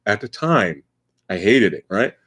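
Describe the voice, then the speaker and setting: A man's voice: on the low side, measured pace, slightly rough. A man in his forties hosting a live Q&A stream, talking in a rambling, profane way and repeating words as he restarts his sentences. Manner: animated, profane, stammering restarts. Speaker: livestream host. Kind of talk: live Q&A chat.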